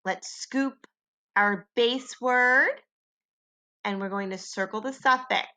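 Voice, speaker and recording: Slowly pronouncing letters and their sounds, a woman leads little kids through a phonics lesson and asks them to repeat after her. She has a sharp-toned voice.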